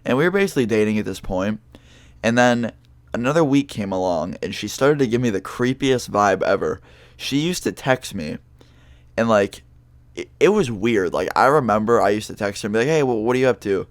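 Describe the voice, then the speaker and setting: A young man tells a personal story straight to camera. He rambles loosely, with fillers and swearing. His voice sits low and the sound is close and dry, with no room behind it. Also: lively intonation, moderate pace, no echo. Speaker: vlogger telling a story. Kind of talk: casual storytime monologue.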